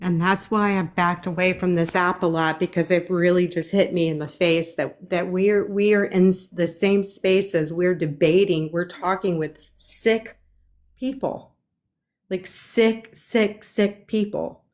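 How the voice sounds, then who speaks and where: Disgusted lower-voiced woman. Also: fairly even intonation, measured pace. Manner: disgusted, emphatic. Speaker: livestream guest. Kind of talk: livestream discussion.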